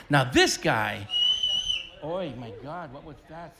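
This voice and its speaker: A man's voice: a little high, big pitch swings, slow pace, pauses often. A man emceeing his band on a festival stage, joking and teasing the crowd through a stage microphone. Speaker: bandleader and emcee. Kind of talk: live stage banter.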